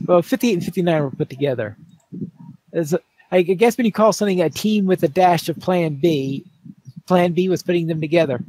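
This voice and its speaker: A man hosting a game podcast, chatting casually with a laugh, and reading poems slowly. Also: sits high, a little mellow, dry recording, poor audio. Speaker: podcast host. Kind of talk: casual chat and poem reading.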